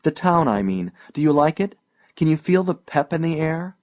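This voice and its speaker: A man voicing an eager, boastful young northern man in an audiobook, loud, pushy and emphatic. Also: fairly high pitch, very animated, moderate pace, pitched above the performer's own voice.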